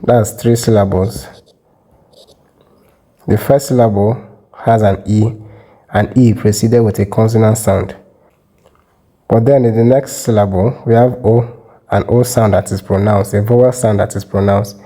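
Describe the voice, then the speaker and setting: A man teaching French spelling rules, explaining step by step and repeating example words slowly. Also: lowish voice, steady tone, dark tone, rough recording. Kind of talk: explanatory lesson.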